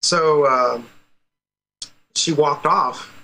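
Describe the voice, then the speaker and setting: Bright-voiced man telling a heated story. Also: fairly high pitch, very slow, vocal fry, slight background noise, rough recording. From United States. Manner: animated storytelling, acts out quoted dialogue. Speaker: guest, parent. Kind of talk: casual interview over a call.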